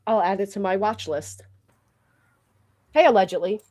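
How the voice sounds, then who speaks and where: A woman's voice: mid-range voice, moderate pace, a little mellow, dry recording. A woman co-hosting a casual gossip livestream, blunt and profane, reading viewer comments aloud. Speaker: livestream co-host.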